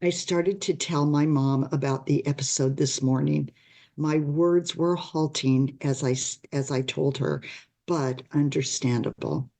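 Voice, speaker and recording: A woman who survived a stroke, reading her own story aloud in a gentle, heartfelt way. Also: deep voice, fairly even intonation, measured pace.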